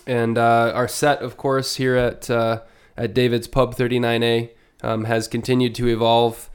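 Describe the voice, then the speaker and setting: A man co-hosting a casual podcast, sounding nasal from allergies, talking in a relaxed way with many fillers. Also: medium pitch, measured pace, smooth. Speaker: podcast co-host. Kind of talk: casual chat.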